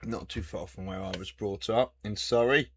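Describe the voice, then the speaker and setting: A man's voice: fairly low pitch, normal speed, fairly bright tone, a little hiss or hum. A man chatting casually and teasing while playing a video game, with mild swearing. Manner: joking banter with mild swearing. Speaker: gamer.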